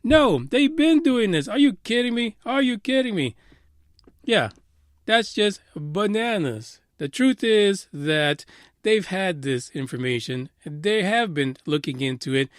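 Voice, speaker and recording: A man's voice: high-pitched, lively intonation, a little slow, no echo. Ranting sarcastic man, dry close mic. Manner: frequent "uh" fillers. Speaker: radio news show host. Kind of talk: casual commentary.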